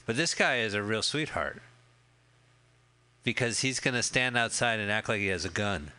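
A man co-hosting a casual internet radio talk show, breaking down a movie scene by scene. His voice is very bright and ringing, and he keeps slipping into jokey asides. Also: lowish voice, moderate pace, smooth. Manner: jokey, riffs in mock voices. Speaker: podcast co-host. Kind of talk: casual film discussion.

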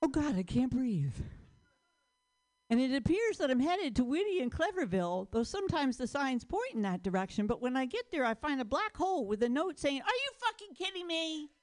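A woman's voice: high-pitched, big pitch swings, a little fast, darkish tone. A woman doing a stand-up comedy set on stage, rambling through self-deprecating jokes. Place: stage before a live audience.

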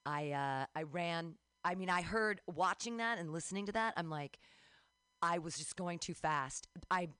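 A woman's voice: sits low, no room sound. A woman in her fifties hosting a radio show, talking candidly and critically about her own comedy. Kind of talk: casual radio chat.

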